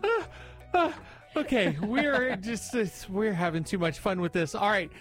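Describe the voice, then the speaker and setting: A man's voice: high-pitched, animated, a little slow, a bit bright, faint music behind. A man hosting a morning radio show, bantering playfully with callers and his co-host and laughing easily. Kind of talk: casual on-air banter.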